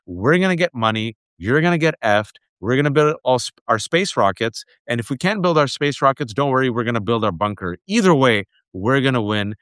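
A man's voice: mid-range voice, expressive, a little fast, few pauses, fairly bright tone, no echo. A man on a talk show, ranting with heated sarcasm and slipping into mocking put-on voices. His voice sits in the middle range, recorded close and dry with no room sound. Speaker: political commentator guest. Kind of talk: heated political rant.

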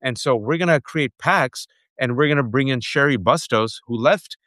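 A man's voice: medium pitch, normal speed, fairly bright tone, no room sound. Man ranting sarcastically in a dry room. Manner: sarcastic, mocking voices of opponents. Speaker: political commentator guest. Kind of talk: heated political rant.

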